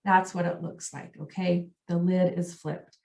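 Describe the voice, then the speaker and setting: A woman's voice: on the low side, flat delivery, unhurried, reverberant. A woman giving an online parenting training, explaining step by step and acting out what children and parents say. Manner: explains warmly, acts out quoted voices of kids and parents. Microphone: video call.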